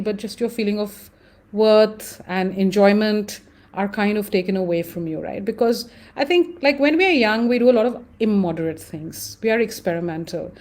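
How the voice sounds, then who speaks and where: A woman with an Indian English accent, speaking as a guest in an interview, thoughtful and animated, often pausing with fillers. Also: on the high side. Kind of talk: conversational interview.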